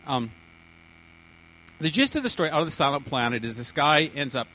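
A man's voice: a little high, sing-song, brisk, sharp tone, a little hiss or hum, poor audio. A man preaching a sermon to a congregation, often stumbling, repeating words and restarting sentences.

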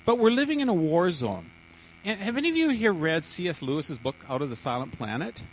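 A man's voice: on the high side, wildly swooping pitch, a little fast, a little hiss or hum, rough recording. A man preaching a sermon to a congregation, often stumbling, repeating words and restarting sentences.

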